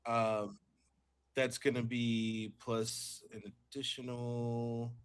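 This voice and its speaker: A man playing a tabletop game, talking casually and telling stories in an animated way, often laughing. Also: mid-range voice, slow pace, smooth.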